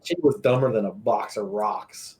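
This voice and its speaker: A young man in a casual podcast chat, talking in a relaxed, halting way with sarcastic asides. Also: on the low side.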